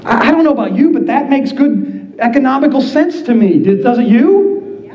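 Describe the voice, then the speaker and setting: A pastor delivering a fervent sermon, acting out the scripture with rising passion. His voice sits high, with a slightly dull, lo-fi tone. The echo of a roomy church sanctuary surrounds him. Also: lively intonation, moderate pace, dark tone. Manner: impassioned preaching, voicing the scripture dramatically.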